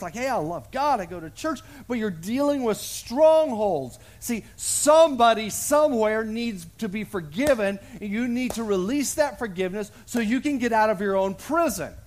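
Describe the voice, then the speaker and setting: Male pastor, sermon, animated storytelling, high pitch, very expressive. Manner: animated storyteller, acts out voices in the parable. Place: church sanctuary.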